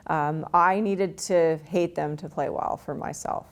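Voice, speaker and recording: A woman in her forties from Canada speaks as an interview guest with a low voice and a gravelly fry running through it. She tells her stories frankly and often laughs at herself. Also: fairly even intonation, unhurried. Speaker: interview guest, retired hockey player. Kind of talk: candid interview storytelling.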